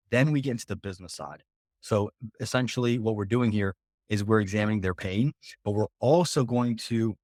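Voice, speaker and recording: A male business coach on a video call, talking in a casual, direct way. He slips into short back-and-forth client dialogues to make his points. His voice sits in a middle range, and the sound is dry and close with no room echo. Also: mid-range voice. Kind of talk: coaching talk on a group call.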